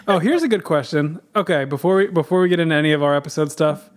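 A man co-hosting a podcast in casual chat, teasing and joking, talking in quick bursts. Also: fairly high pitch, lively intonation. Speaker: podcast co-host.

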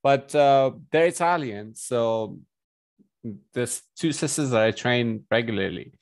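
A young Indian man whose accent blends Indian and British chats casually as a personal trainer, rambling animatedly and chuckling often. His medium-pitched voice is unhurried, and the recording is dry.

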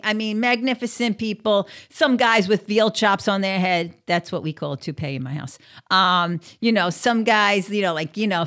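A woman's voice: medium pitch, a bit bright. A woman telling a casual story to the camera, chatty and blunt, with plenty of swearing and filler words.

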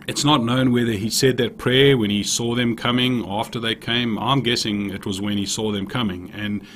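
A man with a fairly low voice preaches in an earnest, searching way, often circling back to restart a phrase. He tells an old story and reads prayers aloud. A faint hiss of noise sits under the recording. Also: a bit bright. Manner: earnest, with frequent restarts and repeated words. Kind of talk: sermon with storytelling and read prayers.

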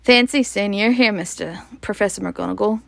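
A woman reading aloud, voicing an old male wizard in a softer, lowered voice. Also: normal speed, vocal fry, no room sound, natural voice. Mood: amused. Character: wise old male wizard, gently amused.

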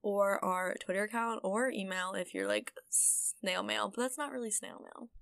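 A woman's voice: mid-range voice, expressive, normal speed, gravelly, a bit bright, clean tone, no echo, clean studio sound. A young woman co-hosting a podcast in casual chat, bubbly and giggly, rambling through her thoughts. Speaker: podcast co-host.

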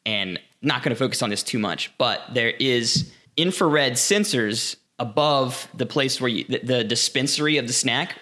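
Bright-voiced man explaining casually. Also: medium pitch. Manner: explanatory, chatty. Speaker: podcast co-host. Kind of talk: casual chat.

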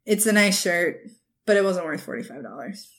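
A young woman co-hosting a casual chat, telling animated stories and acting out quotes with laughter. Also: lowish voice, normal speed. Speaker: podcast co-host.

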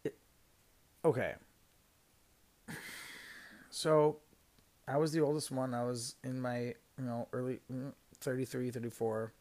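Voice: medium pitch, fairly even intonation, measured pace, pauses often, darkish tone. A podcast host in their thirties telling a work story in a rambling, casual way, with lots of fillers, self-corrections and swearing. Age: 30s.

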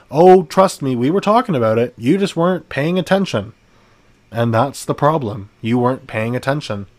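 A man's voice: a little high, lively intonation, moderate pace. Profane, blunt young man ranting. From Canada. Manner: profane, blunt and heated, with frequent restarts. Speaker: podcast host. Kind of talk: solo podcast rant.

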